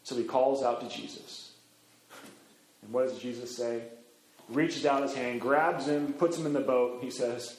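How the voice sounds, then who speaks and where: A middle-aged man preaching a sermon as a pastor, animated, swinging his pitch up and down as he acts out quoted voices. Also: moderate pace, echoey room, low-quality recording.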